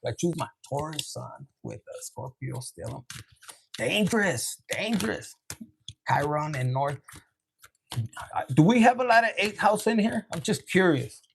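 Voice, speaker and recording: A man's voice: fairly high pitch, normal speed, creaky, a little hiss or hum. A man giving a casual tarot reading in a loose, profane way, laughing and dropping Spanish slang. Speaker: tarot reader.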